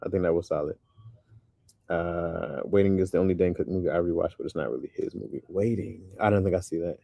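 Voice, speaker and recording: Casual male streamer, deep voice, dry close sound, animated and loose. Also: fairly quick, creaky, no room sound. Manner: loose and animated, says "bro" often. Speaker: streamer chatting with viewers. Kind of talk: casual chat.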